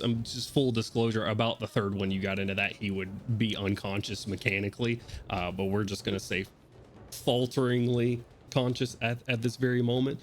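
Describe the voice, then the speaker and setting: A man narrating as dungeon master of a tabletop game, in a loose, halting way with many fillers. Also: fairly low pitch, a little hiss or hum.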